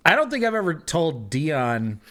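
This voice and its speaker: A young man telling a funny story to friends in casual chat, animated, laughing as he goes. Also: a little high, measured pace. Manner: animated anecdote with laughing asides and acted quotes. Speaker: tabletop game player.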